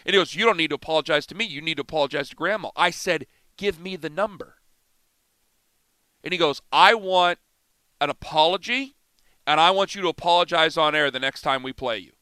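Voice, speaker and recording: A middle-aged man hosting sports talk radio, telling a story in an animated, self-mocking way. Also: fairly high pitch, fairly quick, clear, resonant tone, no room sound. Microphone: studio microphone.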